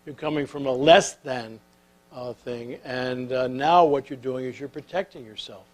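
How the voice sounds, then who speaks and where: A man telling stories to an audience and drawing life lessons, in an animated way that grows soft and intimate, often filling pauses with "uh". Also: mid-range voice, poor audio. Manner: animated storyteller who turns soft and intimate; filler-heavy, with repeated "uh". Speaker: speaker. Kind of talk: storytelling talk.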